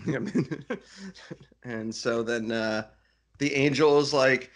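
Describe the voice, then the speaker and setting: A man's voice: mid-range voice, takes it slowly. A man co-hosting a casual book-club podcast, retelling scenes with frequent laughter. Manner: giggly, animated retelling. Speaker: podcast co-host.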